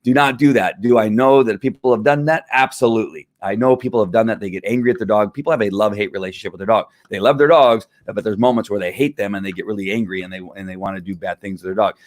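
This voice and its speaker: A man's voice: lowish voice, quick pace, few pauses, no echo. A man explaining dog training in a casual, emphatic way, now and then imitating barking dogs.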